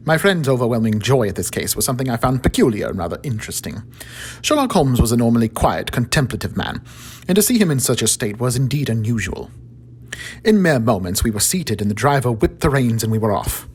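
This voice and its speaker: Husky-voiced man reading a story. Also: medium pitch, big pitch swings, brisk. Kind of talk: scripted story narration.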